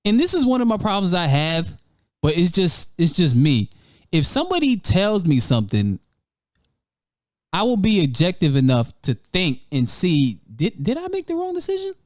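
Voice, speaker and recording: Man, gaming host, casual storytime, profane, lively swinging pitch, dry sound. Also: normal speed, no echo. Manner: animated, profane, laughing often. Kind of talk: casual storytime over gameplay.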